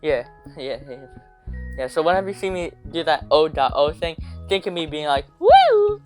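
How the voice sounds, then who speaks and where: A young man telling a rambling, slangy storytime rant, hopping into quick voices for quotes. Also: fairly high pitch, soft background music.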